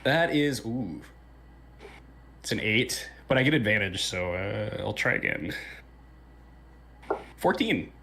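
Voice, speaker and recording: A man's voice: lowish voice, big pitch swings, slow pace, vocal fry, pauses often, pushed and bright, a little hiss or hum. A man playing a tabletop game, talking in a hesitant, self-correcting way. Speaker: player.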